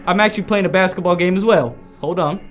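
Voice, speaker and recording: A man guest on an improv comedy show, playing a character with halting, stammering talk. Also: high-pitched, loud music behind the voice.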